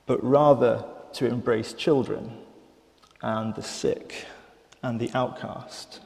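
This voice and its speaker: A man's voice: medium pitch, gravelly, warm tone. Thoughtful male preacher in a reverberant church. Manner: thoughtful, measured, with fillers and restarts. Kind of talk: sermon.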